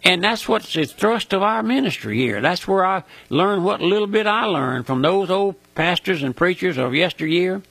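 A man's voice: high voice, animated, normal speed, few pauses, fairly bright tone, breathy edge, no echo. An older man with a Mississippi Southern accent, preaching a folksy, fervent radio sermon that is full of "my friend" and "listen".

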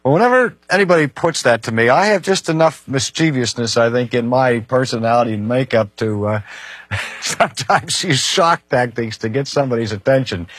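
A man teaching a course on Scripture in a husky voice that carries a mischievous edge. He builds his points through pointed rhetorical questions and heavy emphasis. The recording sounds dry and close. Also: medium pitch, a bit bright, no echo. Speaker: Bible teacher.

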